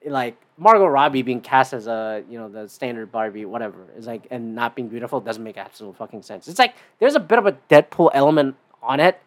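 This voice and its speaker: A man hosting his own podcast alone, talking casually in a rambling, profane way with lots of fillers and big jumps in pitch. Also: lively intonation, a little fast, hardly any pauses. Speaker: podcast host. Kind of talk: casual solo podcast monologue.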